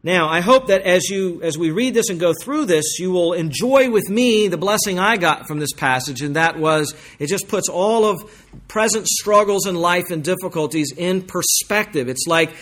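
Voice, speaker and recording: Male preacher, fairly high voice, emphatic sermon delivery, drawn-out stressed words, loud and soft by turns. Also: expressive. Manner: emphatic, slows for stressed phrases. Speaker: pastor.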